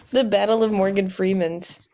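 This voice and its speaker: Slow-talking, giggly woman host. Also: mid-range voice, darkish tone. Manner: giggly, lots of fillers. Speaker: podcast host. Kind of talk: casual improvised storytelling.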